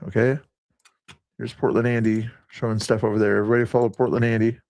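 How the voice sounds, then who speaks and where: Livestream host, rambling casual chatter, dry close mic. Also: male voice, mid-range voice, flat delivery, quick pace, darkish tone, dry recording. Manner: rambling, chatty, reads chat aloud.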